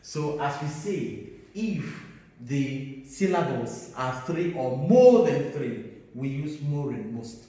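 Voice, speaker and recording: Slow, deliberate man teaching grammar. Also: medium pitch, big pitch swings, warm tone. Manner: slow, drawn-out, repeats each word for drilling. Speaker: English teacher. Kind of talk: classroom grammar lesson on TV. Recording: echoey room, mic far off.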